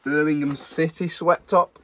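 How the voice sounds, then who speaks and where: A man's voice: a little high, fairly even intonation, a little slow, fairly bright tone. A young man, casually showing off secondhand football shirts he is reselling, in a chatty, rambling way. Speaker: online reseller. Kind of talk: casual haul chat.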